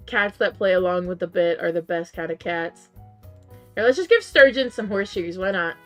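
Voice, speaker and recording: With her voice frayed and strained from losing, a woman streaming a game talks easily with her live chat. She replies to comments and often jumps into high, stunned outbursts. Expressive and at normal speed, she sounds fairly bright, with soft music playing behind her.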